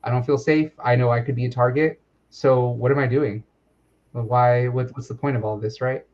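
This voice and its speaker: A man hosting a podcast, earnest and reflective as he works through his thoughts out loud. His voice is mid-pitched, and the recording sounds muffled and lo-fi. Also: steady tone, normal speed. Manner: earnest, thinking aloud with fillers and restarts. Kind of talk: reflective conversational talk. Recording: dull, lo-fi sound.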